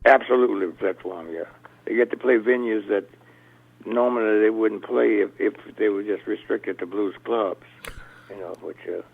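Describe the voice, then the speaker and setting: An older man chats about music over a phone-thin line, his voice gravelly. He tells stories in loose, restarting sentences. The sound is tinny and narrow, as on a call-in. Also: lowish voice, moderate pace. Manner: rambling storyteller, restarts often. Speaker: blues musician guest. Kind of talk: radio interview conversation.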